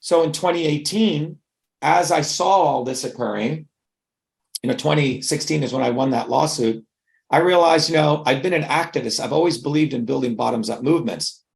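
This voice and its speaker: A man's voice: a little high, normal speed, creaky. A middle-aged man giving an impassioned interview answer, talking emphatically and rhetorically and often checking in with the listener. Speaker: interview guest.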